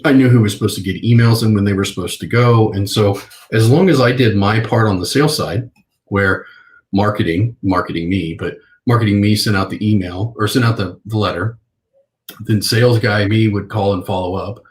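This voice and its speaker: A middle-aged man with a low voice talks as an interview guest. He tells his stories with energy, jumping into other people's voices to act out old phone calls. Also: a little fast. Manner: animated storyteller acting out phone calls.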